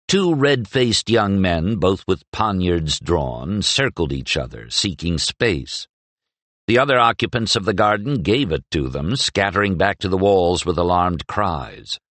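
Deep-ish guy narrating a fantasy audiobook, lots of melody in his voice. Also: fairly bright tone, no echo. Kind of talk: scripted narration.

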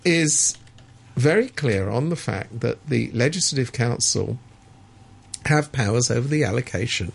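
Sardonic man with a gravelly husky voice. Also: mid-range voice, expressive, unhurried. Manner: sardonic, stammering restarts. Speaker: radio commentator. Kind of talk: opinionated radio talk. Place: radio studio.

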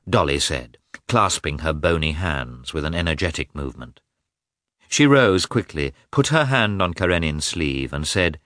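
A man narrating a classic novel as an audiobook in an expressive, measured way. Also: sits low, no room sound, studio quality.

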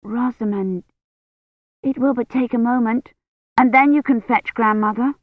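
A frightened young noble girl in a storybook reading, voiced by a woman narrator, a little raised in pitch, stiff and pleading. Slow delivery in a dry, dull lo-fi audiobook recording. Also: dry recording. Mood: tense.

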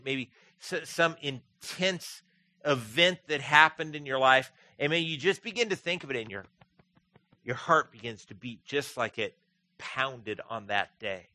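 A man preaching a sermon as pastor, earnest, rising to emphatic peaks and dropping low and quiet for scripture. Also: dry recording.

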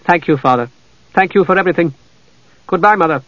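Male narrator as a young mage, earnest and reassuring, pitched up; fantasy audiobook. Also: brisk, fairly bright tone, no echo, natural voice. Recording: dull lo-fi dry audio.

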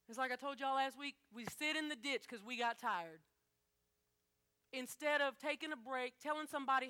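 A woman with a high, bright voice preaches a sermon. She talks straight to the congregation, emphatic and conversational, pressing hard on her key lines. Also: fairly quick.

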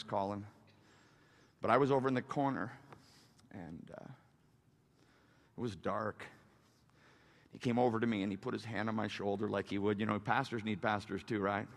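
A man, a pastor, preaching a sermon, swinging between loud fervent surges and soft, confessional stretches. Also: fairly low pitch, vocal fry. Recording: reverberant hall.

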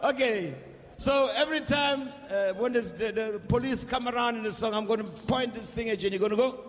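A man's voice: extremely high pitch, a little fast, slight background noise. An older South African man with a South African accent, telling wry, humorous stories on stage at a live concert and rousing the audience to join in. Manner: wry, humorous storyteller who rouses the audience. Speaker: musician performing on stage. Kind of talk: live concert storytelling and crowd call-and-response. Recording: reverberant live hall with music behind.

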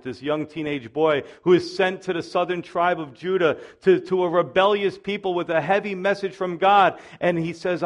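Preaching man with a fairly high voice. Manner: preaching with sudden loud rises and soft drops; repeats "listen" and "you see" to the congregation. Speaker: pastor. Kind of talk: sermon.

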